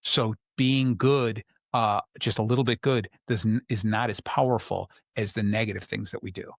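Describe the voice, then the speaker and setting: A man hosting a podcast, calmly explaining advice and telling a story in a relaxed, conversational way. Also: on the low side, normal speed, creaky, no echo. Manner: calm, explanatory, tells stories. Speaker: podcast host. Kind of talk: casual coaching talk.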